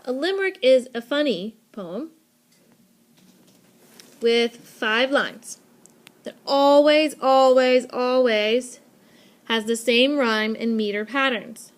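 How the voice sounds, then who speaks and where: A woman's voice: on the high side, animated, slow, long pauses. Upbeat young woman teaching a lesson. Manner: clear, upbeat teacherly explaining with emphatic repetition. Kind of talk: recorded lesson narration over slides. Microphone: tablet microphone.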